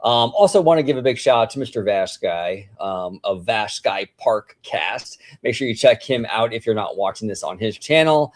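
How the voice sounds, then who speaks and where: A man co-hosting a casual livestream podcast, talking in an enthusiastic, animated way. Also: on the low side, normal speed, few pauses. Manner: enthusiastic, animated, laughs often. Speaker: podcast co-host.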